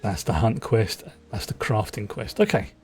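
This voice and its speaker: A man's voice: fairly low pitch, animated, normal speed, a little mellow, soft background music. A man with a London accent giving rambling, chatty commentary while streaming a game, often restarting his sentences. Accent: London English. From England. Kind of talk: casual gameplay commentary.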